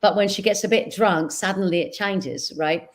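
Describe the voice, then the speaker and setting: A woman dialect coach talking in a casual interview, earnest and animated as she tells stories, over a video call mic. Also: mid-range voice, normal speed. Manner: animated, earnest storyteller with sudden bursts of laughter. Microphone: video call microphone.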